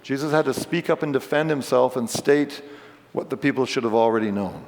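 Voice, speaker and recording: A man's voice: medium pitch, fairly quick, gravelly. A man preaching a sermon as pastor, explaining scripture in a conversational way with casual asides. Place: church sanctuary. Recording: long church reverb.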